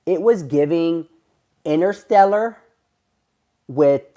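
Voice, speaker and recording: A man's voice: on the high side, slow pace, mellow. A man chatting casually on a livestream, rambling in a gossipy way and answering viewers' comments. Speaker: livestreamer reading chat.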